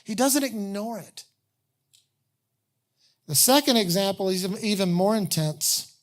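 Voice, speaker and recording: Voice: medium pitch, expressive, a little slow. Conversational pastor preaching a sermon. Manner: conversational, candid, self-deprecating asides.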